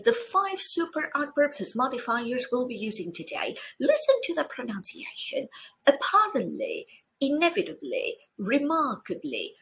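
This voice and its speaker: A middle-aged woman teaching an English exam-prep lesson, expressive and playful with animated exclamations. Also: sits high, rough recording. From Spain.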